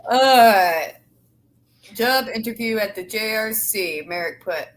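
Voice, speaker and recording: A woman's voice: fairly high pitch, animated, takes it slowly, poor audio. A woman hosting a casual live chat, reading out viewer comments between stories. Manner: chatty, reads out viewer comments. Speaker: host.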